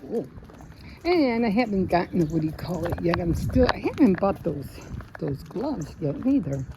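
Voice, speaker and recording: A woman's voice: lowish voice, sing-song, moderate pace. A woman from the Chicago area vlogging casually on a walk with her dog, rambling and searching for words with lots of fillers. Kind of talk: casual vlog chat while walking. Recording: noisy outdoor phone recording.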